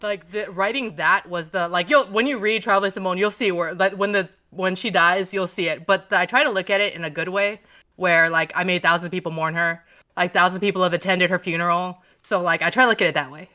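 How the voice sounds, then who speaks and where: Bright-voiced, gushing woman author. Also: lowish voice, fairly even intonation, a little fast. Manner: gushing, profane, rambling with restarts. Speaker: author being interviewed. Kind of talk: casual podcast interview.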